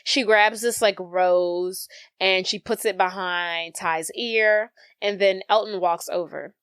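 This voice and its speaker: A woman's voice: mid-range voice, fairly even intonation, takes it slowly, a bit bright, clean tone, dry recording. A woman co-hosting a podcast, casually retelling a movie scene by scene and acting out the characters' lines. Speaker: podcast co-host. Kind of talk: casual movie recap chat.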